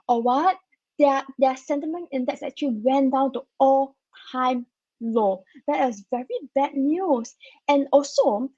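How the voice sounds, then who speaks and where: On a live stock-market stream, a slightly groggy female co-host chats casually, using many fillers and tacking "right?" onto her sentences. Her high voice is husky and a little mellow, heard in dull audio with no echo.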